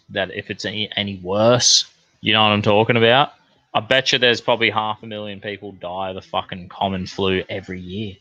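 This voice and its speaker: An Australian man rambles through a profane, casual rant, full of fillers and tangents. His voice sits low but sounds bright and forceful. Quiet music plays faintly behind him. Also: lo-fi sound. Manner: swears constantly, rambling with many fillers.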